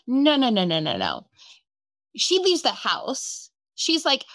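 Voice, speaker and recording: A woman's voice: fairly high pitch, huge pitch swings, slow pace, fairly bright tone, no echo. A woman co-hosting a casual chat, playfully retelling story events and acting out lines. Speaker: podcast co-host.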